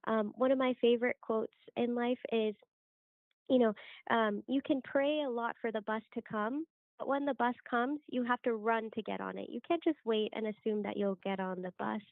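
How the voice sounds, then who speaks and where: A woman's voice: a little high, steady tone, moderate pace, creaky, dry recording. A woman leading a group discussion, encouraging, asking people questions by name. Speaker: leader of a weekly group study. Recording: dry phone-like call audio.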